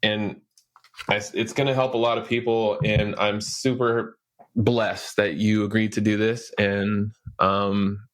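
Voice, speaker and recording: A man's voice: on the low side, flat delivery, a little slow. Casual affirming man hosting a podcast. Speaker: podcast host. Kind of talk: conversational interview.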